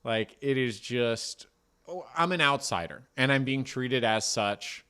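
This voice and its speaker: A young man spinning a long, rambling story about himself on a podcast. He pokes fun at himself and drops in casual swear words. His pitch sits right in the middle for a man. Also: animated, unhurried, sharp tone, smooth. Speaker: podcast co-host telling a story.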